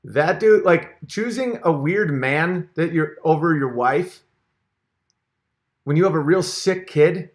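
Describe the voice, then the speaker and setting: A man's voice: fairly high pitch, slow. A man hosting his own channel, ranting in a heated, sarcastic, profane way, with rambling restarts and asides. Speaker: channel host. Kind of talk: comedic rant vlog.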